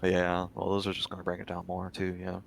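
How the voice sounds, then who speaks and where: A man running a tabletop game as game master, upbeat and quick to laugh. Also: low voice, monotone, gravelly, fairly bright tone, slight background noise.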